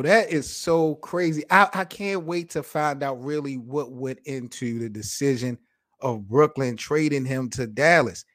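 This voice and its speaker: A man hosting a sports talk show, reacting with excitable, incredulous outbursts and casual slang. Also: fairly high pitch, dry recording, clean studio sound. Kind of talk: animated sports talk commentary.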